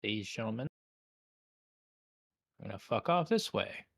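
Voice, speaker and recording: A man's voice: on the low side, very animated, measured pace, vocal fry, no room sound, studio quality. A man narrating a tabletop game as game master, casual and profane.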